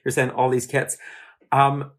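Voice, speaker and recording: A man's voice: medium pitch, completely flat delivery, measured pace. A man with a Northern Irish accent interviewing a guest, asking long rambling questions full of fillers. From Northern Ireland.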